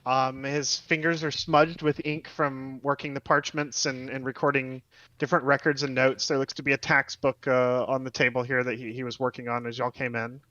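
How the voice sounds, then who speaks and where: Halting game master, dull dry mic. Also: male voice, medium pitch, flat delivery, pushed and bright, dry recording. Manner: halting, many fillers and restarts. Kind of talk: narrating a tabletop game.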